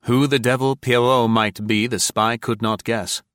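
A man narrating an audiobook in a measured, formal storytelling manner. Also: medium pitch, fairly even intonation, a bit bright, clean tone, no echo, clean studio sound.

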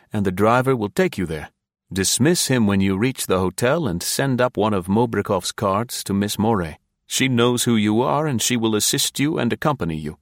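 A man's voice: on the low side, dry recording, clean studio sound, lightly acted. A man voicing a curt, commanding male rescuer in disguise, giving orders.

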